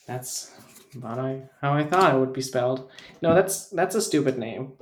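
A man co-hosting a casual podcast chat, teasing and deadpan, acting as if he believes none of it. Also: medium pitch, normal speed. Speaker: podcast co-host.

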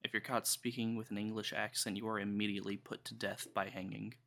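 A young man chatting on a podcast, slightly low in pitch with a bright, forceful tone. He delivers crude jokes in a flat, deadpan way. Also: fast talker, creaky. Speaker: podcast guest. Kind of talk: casual chat.

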